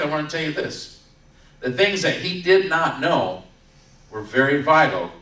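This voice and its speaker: A man's voice: fairly high pitch, pushed and bright, recorded from a distance. A man preaching a sermon as pastor, retelling a story with acted-out quotes. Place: church sanctuary. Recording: echoey room from off-mic.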